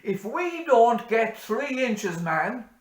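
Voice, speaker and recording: A man voicing a gloomy old Irish farmer with a Cork accent, who laments in a high, loud, forlorn wail. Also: sing-song, slow, heavily acted. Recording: echoey room.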